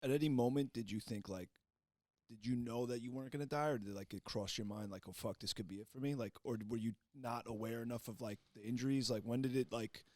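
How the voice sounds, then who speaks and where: A man hosts a podcast. He asks his questions in a loose, slangy, casual way at a mid pitch, recorded in a dry, close space. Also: fast talker, darkish tone, no echo. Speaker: podcast host.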